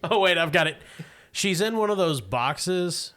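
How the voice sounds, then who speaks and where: Man, tabletop player, playful narration, bright and a bit high. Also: lively intonation, measured pace, clean tone. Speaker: game player.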